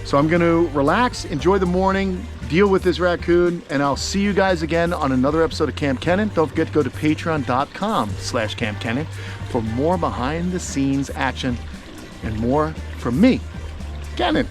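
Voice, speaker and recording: A cheerful, slightly breathless man hosts a casual outdoor vlog into a handheld phone, chatting warmly to his animals and viewers. His voice sits a little high for a man. Faint music plays underneath. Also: normal speed. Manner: chatty and upbeat, talks to the animals fondly. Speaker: vlog host. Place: outdoor backyard.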